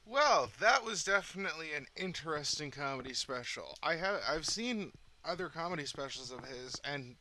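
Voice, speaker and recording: A man's voice: fairly high pitch, expressive, moderate pace, hardly any pauses, bright, forceful tone. A man hosting a channel, casually reviewing a comedy special with hesitant, hedging remarks. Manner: hesitant, hedging, with many fillers. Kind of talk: casual commentary.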